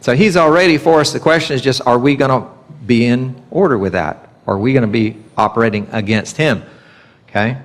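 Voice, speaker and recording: Guy teaching a bible portion, chatty sermon, mid pitch, acts out the quotes. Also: a little fast. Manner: conversational, acts out God's voice in quotes.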